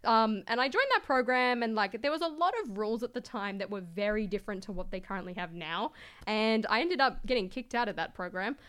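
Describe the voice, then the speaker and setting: A fast-talking Australian woman, a LEGO content creator appearing as a guest, chats casually on a podcast. Her mid-range voice is smooth and fairly bright, and she stuffs every phrase with "like" while acting out quoted voices.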